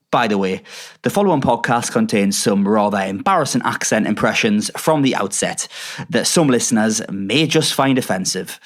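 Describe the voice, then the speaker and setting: A man, hosting a casual interview podcast with a self-deprecating, chatty manner. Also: medium pitch. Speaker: podcast host.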